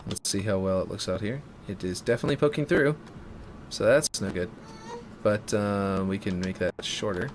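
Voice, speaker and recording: A man's voice: lowish voice, normal speed, a little hiss or hum. A man streaming a game map build live, chatting casually and thinking aloud in a self-mocking way.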